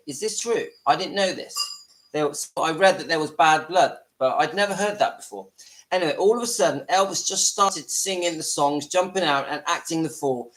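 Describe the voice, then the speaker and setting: A man's voice: a little high, rough recording. A man hosting a casual live stream from his home, chatting to viewers and breaking off to deal with his family. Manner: chatty, talks to viewers, breaks off to hush children. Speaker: livestream host.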